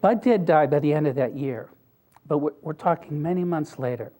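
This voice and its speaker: A man's voice: a little high, moderate pace, mellow. An older man giving an earnest, conversational talk, telling a personal story with wry asides. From Pennsylvania, US. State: briefly choked up. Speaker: speaker.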